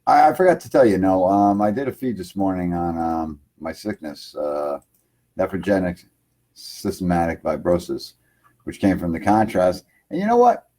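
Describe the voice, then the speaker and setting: A man's voice: sits low, big pitch swings, moderate pace, warm tone. A man hosting an internet radio livestream, rambling loosely in casual chat from his home computer setup and filling lines with "man".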